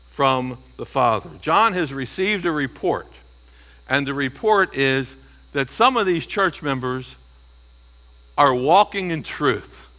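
A man preaching through a passage verse by verse, his voice pitched a little high with a bright, forceful edge. He talks to the congregation conversationally and keeps checking in with "okay?" and "you see.". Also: low-quality recording. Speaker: pastor. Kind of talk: expository sermon.

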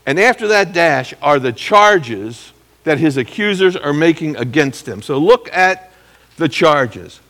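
A middle-aged man teaching from the Bible as a pastor, animated, acting out quotes and clearing his throat now and then. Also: fairly high pitch, unhurried, big-room sound.

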